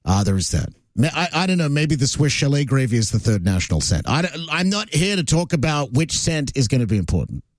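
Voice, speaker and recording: Sardonic talk radio host. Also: male voice, mid-range voice, big pitch swings, fairly quick, hardly any pauses, dry recording. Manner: opinionated, sardonic, many "uh" fillers. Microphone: studio broadcast mic.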